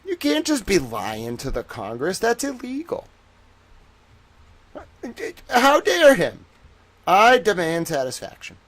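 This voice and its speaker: A man's voice: high voice, huge pitch swings, slow, long pauses, fairly bright tone, dry recording, voice pushed up, exaggerated voice. A man hamming up an outraged 1930s newsman. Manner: blustering, theatrically outraged. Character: indignant old-time male news reporter.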